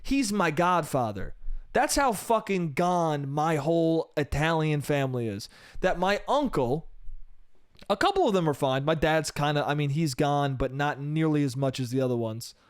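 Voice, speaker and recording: A man's voice: a little high, lively intonation, moderate pace, clean tone, dry recording, studio quality. A young man hosting a solo podcast, telling a story in a casual, profane style full of "bro" and "dude".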